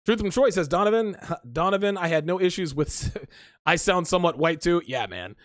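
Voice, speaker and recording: An adult man hosting a livestream talks off the cuff at a moderate pace, his fairly high voice swinging up and down with lots of animation. He reads and answers his chat bluntly, swearing freely and laughing often. The recording is close and dry, with no room sound at all.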